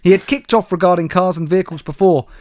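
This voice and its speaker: A man reading news stories aloud on a comedy podcast, dry and wry in his delivery. His voice sits a little high for a man, and the sound is close and dry with no room echo. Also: steady tone, fast, darkish tone. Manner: dry, wry delivery, addresses co-host by name. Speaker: podcast co-host.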